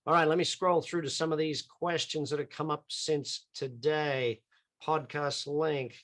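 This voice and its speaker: A man's voice: on the high side, steady tone, unhurried, fairly bright tone. A middle-aged Australian man in a chatty, off-the-cuff live online coaching session, answering questions over a video call. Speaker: business coach.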